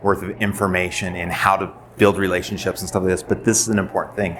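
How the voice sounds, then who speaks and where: A man's voice: sits low, flat delivery, quick pace. A man in his forties, a nurse, telling an earnest personal story in a presentation and quoting dialogue as he goes. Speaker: nurse and suicide prevention speaker. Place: presentation venue. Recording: noisy live presentation audio.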